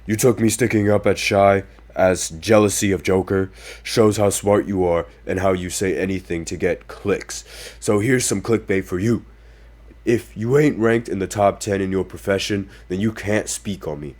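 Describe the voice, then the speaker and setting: A boastful, trash-talking retired basketball star throws taunts in a deep, low voice, as a podcast host puts him on. The voice sits a little off from the mic. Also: male voice, normal speed, a little mellow. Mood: taunting. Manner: taunting, defiant.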